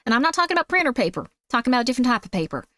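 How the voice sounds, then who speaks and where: A young woman streamer with a squeaky voice and a put-on Southern accent, chatting sweetly with viewers and calling them sweetie. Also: very animated, rapid-fire, a bit bright, no room sound. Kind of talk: casual livestream chat.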